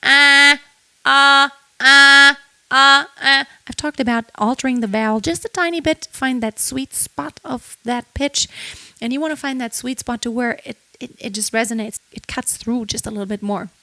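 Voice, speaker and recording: A woman's voice: a little high, brisk, no room sound. A woman teaching singing, explaining technique and singing short lines to show it. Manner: explains then sings short lines to demonstrate. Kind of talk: vocal lesson with sung demos.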